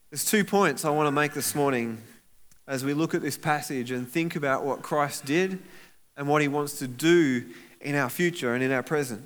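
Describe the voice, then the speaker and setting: A man preaching a sermon as pastor, animated and acting out voices of people in the story. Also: a little high, normal speed.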